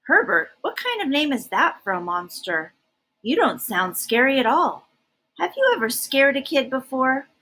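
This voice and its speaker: A woman's voice: high-pitched, very animated, moderate pace, sharp tone, pitched above the performer's own voice, exaggerated voice. A woman doing an earnest, picky storybook child. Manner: earnest, questioning. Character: anxious, picky young child.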